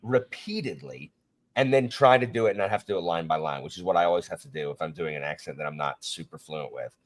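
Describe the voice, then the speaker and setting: A man hosting a casual book discussion, talking in an animated, rambling way with frequent restarts. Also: sits low, fast talker. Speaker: podcast host and teacher.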